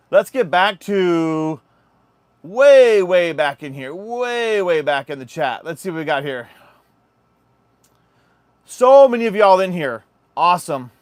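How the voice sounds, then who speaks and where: Man, livestream host, casual chatty, slightly high voice, dry close sound. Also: no room sound. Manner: relaxed, chatty, addresses viewers as y'all.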